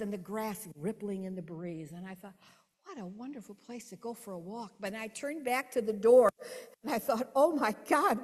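A middle-aged woman giving an earnest personal faith testimony, dropping to hushed tones and rising to emphatic ones. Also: medium pitch. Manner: earnest storytelling, swings between hushed and emphatic. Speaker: testimony speaker. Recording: long hall reverb.

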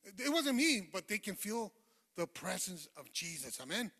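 High-voiced preacher in an echoing hall. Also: male voice, sing-song, moderate pace, slightly rough. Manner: earnest, swings from hushed to loud. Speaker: preacher giving testimony. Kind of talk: sermon testimony. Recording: long hall reverb.

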